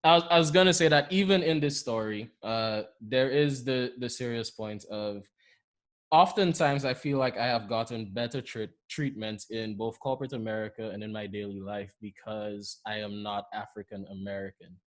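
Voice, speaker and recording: Animated Saint Lucian man telling stories. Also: lowish voice, moderate pace. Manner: animated, laughs often while telling stories. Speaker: podcast co-host. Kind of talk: casual podcast storytelling.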